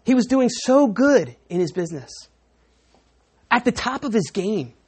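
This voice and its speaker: Woman preacher, sermon delivery, animated, slips into crowd voices. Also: fairly high pitch, measured pace, slightly rough. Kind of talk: sermon with an object lesson.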